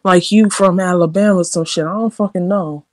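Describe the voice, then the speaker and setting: A woman's voice: fairly low pitch, fairly even intonation, a little fast, no room sound. A woman with a New York accent hosting a live stream, chatting in a blunt, profane and emphatic way. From New York City. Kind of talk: casual chat.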